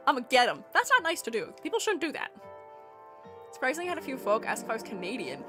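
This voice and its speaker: A woman's voice: fairly high pitch, sing-song, a little fast, over music. A young woman with a mixed Rust Belt American accent, streaming a game and chatting casually with her viewers, giggling often as she reads their messages. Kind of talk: casual chat while gaming.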